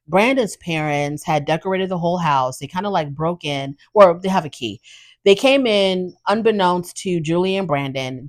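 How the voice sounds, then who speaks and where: Animated woman giving opinionated recaps. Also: low-pitched. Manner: animated, opinionated, acts out quotes. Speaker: host recapping a reality show. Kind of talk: casual commentary.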